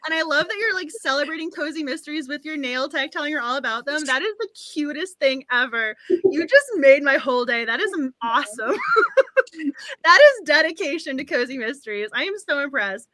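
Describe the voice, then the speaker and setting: A high, bright-voiced woman hosting a book club livestream over a video call mic. She gushes with excitement and laughs often, with a dry, close sound. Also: brisk, no echo. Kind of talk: casual livestream chat.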